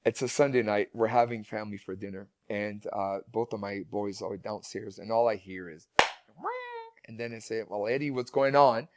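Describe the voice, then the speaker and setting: A guest speaker who is a parent tells stories in a casual interview, with many restarts and repeated words. His voice is on the low side and steady at normal speed, in very noisy audio.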